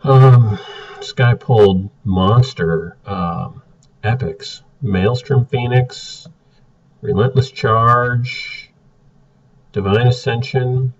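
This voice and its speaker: A man's voice: mid-range voice, very slow, breathy edge. A man giving blunt, exasperated casual commentary as he reviews card game decks. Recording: muffled, distant from the mic.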